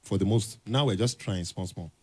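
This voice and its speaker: A man's voice: fairly low pitch, moderate pace, slightly rough. A young man speaking at a creative conference, acting out short comic dialogues and urging the audience with rising emphasis. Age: young adult. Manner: animated, acts out dialogues, builds to emphatic urging. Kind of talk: motivational talk with comic skits. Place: conference hall stage.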